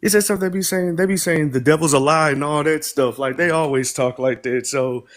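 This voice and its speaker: A man joins a live stream as a caller and talks in a relaxed, conversational way. He stops and starts often, filling the gaps with casual fillers. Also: a little high. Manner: loose, halting, full of "like". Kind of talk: casual chat.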